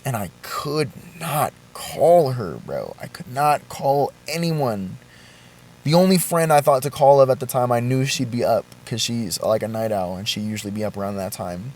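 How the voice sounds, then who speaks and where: A young man vlogging a confessional story, shaken and halting, with swearing and frequent restarts. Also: mid-range voice.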